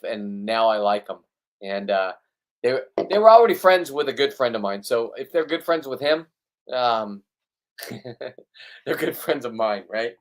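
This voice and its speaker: Blunt rambling fishing vlogger man. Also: mid-range voice. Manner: blunt, rambling, self-deprecating. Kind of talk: casual rambling vlog talk.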